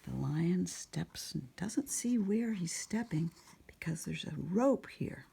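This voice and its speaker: Lady doing storytime, super slow and soft, gravelly husky voice, lots of whispering. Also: lowish voice, expressive. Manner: soft, often sliding into a whisper; asks the listener questions. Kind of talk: storytime picture book narration.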